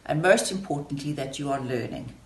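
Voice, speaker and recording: Low-voiced woman in an echoey room. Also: fairly quick. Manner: warm encouraging address to children. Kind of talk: assembly message to children.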